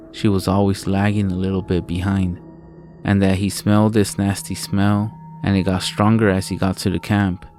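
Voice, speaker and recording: A man narrating a first-person horror story in a low, steady storytelling manner, swearing often.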